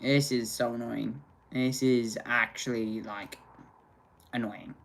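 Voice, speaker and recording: A man's voice: medium pitch, level tone, slow pace, creaky, a bit bright. A man doing amateur live-stream race commentary in a chatty way, breaking into exclaimed, rambling frustration.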